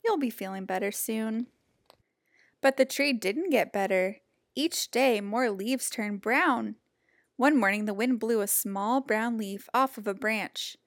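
Gentle woman reading a picture book. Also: on the high side, measured pace, dry recording, studio quality. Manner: gentle, expressive storytelling. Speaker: storyteller. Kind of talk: children's picture book read-aloud.

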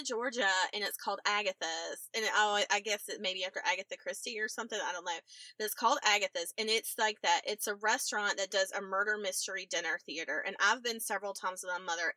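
A chatty woman co-hosting a podcast, with a bright, forward tone and a dry, close sound. She laughs easily and fills her talk with "like." She records from a clothes closet at home. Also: medium pitch, fast talker, dry recording, poor audio. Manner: chatty, laughs often, says "like" a lot. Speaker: podcast co-host. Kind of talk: casual chat.

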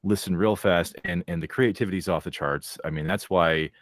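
A man's voice: deep voice, no room sound, studio quality. A man hosting a podcast, chatting casually, laughing easily and praising his guest. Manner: laughs easily, warm backchannel, quick when praising. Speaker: podcast host. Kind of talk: casual chat.

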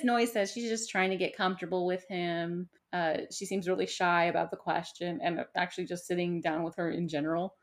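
A woman co-hosting a podcast, recapping a show in casual chat with quick asides and frequent laughter. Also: on the low side. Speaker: podcast co-host.

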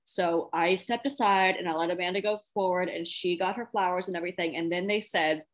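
A woman's voice: lowish voice, fairly quick. A young adult woman, a podcast guest and pageant titleholder, telling a story casually, acting out quotes and laughing often. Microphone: podcast microphone.

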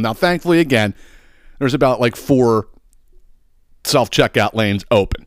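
A man in his thirties rants through a story in a profane, exasperated way, bouncing between asides. His voice sits at a middle pitch and sounds close and dry. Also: lively intonation, unhurried, long pauses, no echo. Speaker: podcast host. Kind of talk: ranting storytelling.

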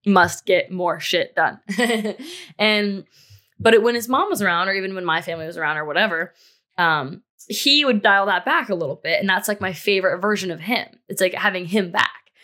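A woman's voice: mid-range voice, a little fast, sharp tone. A young woman in her twenties talking candidly as a podcast host about a breakup, in a casual monologue full of fillers and the odd swear word. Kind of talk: personal monologue.

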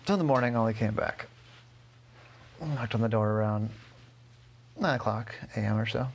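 A man telling his daughter an improvised bedtime story, gentle and rambling, often correcting himself. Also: on the low side, normal speed, creaky, a little hiss or hum.

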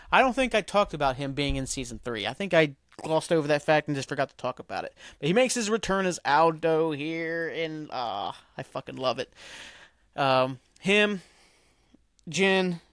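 Man, podcast host, casual rambling recap, lots of ums, fairly high voice, dry close sound. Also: a bit bright, clean tone, no room sound. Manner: rambling, filler-heavy, acts out characters' lines.

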